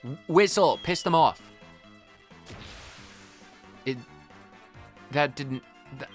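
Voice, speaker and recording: A man's voice: fairly high pitch, extremely slow, faint music behind. A man casually commentating a video game as he plays, joking and cutting himself off mid-sentence. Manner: jokey, self-interrupting, repeats words. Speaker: let's play host.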